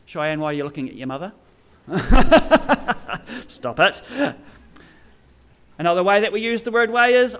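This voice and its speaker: A man's voice: sits high, sing-song, normal speed, a bit bright. A man giving a sermon to his congregation, joking with them and teasing people by name. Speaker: pastor.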